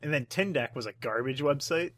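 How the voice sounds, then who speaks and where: A man's voice: mid-range voice, fairly quick, fairly bright tone, no room sound, studio quality. A young man hosting a podcast in casual chat, rambling and swearing freely. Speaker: podcast host.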